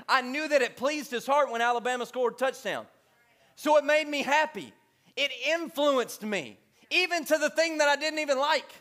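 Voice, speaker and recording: High-pitched guy preaching in church, jokey and chatty, from louisiana. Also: pushed and bright. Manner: joking, conversational preaching with repeated refrains. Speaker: pastor. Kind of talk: sermon.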